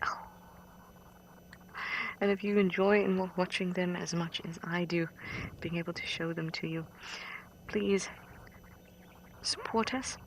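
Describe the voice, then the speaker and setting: A woman working as a safari guide, giving soft, fond live wildlife commentary from a vehicle outdoors and often dropping to a whisper. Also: on the low side, vocal fry, a little hiss or hum, rough recording. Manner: soft and fond, drops to a whisper near the animals.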